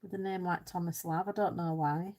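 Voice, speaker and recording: Chatty woman, low voice. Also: steady tone, fairly quick, a little mellow. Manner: chatty, reads out and answers viewers' comments; self-deprecating, laughs easily. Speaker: live-stream host. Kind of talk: casual chat while colouring.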